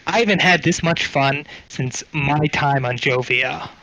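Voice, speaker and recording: A man voicing a cheerful male field medic with a dark past, boasting in a dry, mock-innocent way. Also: fairly high pitch, unhurried, no echo, poor audio. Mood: smug.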